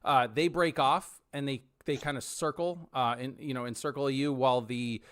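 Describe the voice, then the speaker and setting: A man narrating a tabletop role-playing game as game master, halting, with many ums and restarts. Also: medium pitch, steady tone, a bit bright, no room sound.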